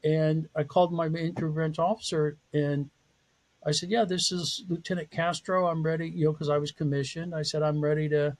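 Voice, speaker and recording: A man's voice: fairly high pitch, little pitch movement, a little fast, darkish tone. A man speaking as a podcast interview guest and psychology professor, telling his career story in a candid, self-deprecating way with frequent laughs.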